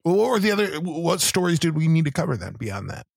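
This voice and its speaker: Man, podcast co-host, lively pitch, husky tone, teasing, profane. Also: quick pace. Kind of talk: casual wrestling chat.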